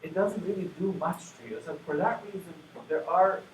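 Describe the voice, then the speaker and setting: A man's voice: high-pitched, moderate pace. A man delivers an academic lecture in a slightly raised voice, keeping it conversational and dropping dry asides. He sounds distant from the microphone, with the roomy echo of a lecture hall and a faint hum underneath. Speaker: conference plenary speaker. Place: lecture room. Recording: echoey room from far off, faint hum.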